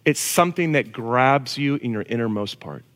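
Animated preacher in an echoing hall. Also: male voice, mid-range voice, normal speed. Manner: casual, animated preaching with slang. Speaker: pastor. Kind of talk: sermon. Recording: long reverb of a large hall.

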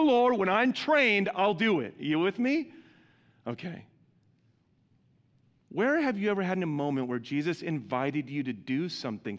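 Man preaching in a reverberant hall. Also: mid-range voice. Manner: animated, asks the congregation questions. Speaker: pastor. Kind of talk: sermon.

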